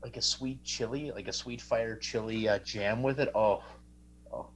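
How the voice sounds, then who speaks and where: A man's voice: lowish voice, fairly even intonation, moderate pace, a little hiss or hum, poor audio. A man guesting on an interview, chatting casually in a joking, rambling way with lots of fillers. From Canada. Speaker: wrestler guest.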